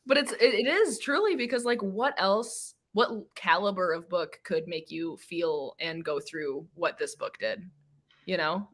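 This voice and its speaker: A woman's voice: fairly low pitch, lively intonation, unhurried. A woman guest in a casual book discussion, emotional and rambling with many restarts and fillers.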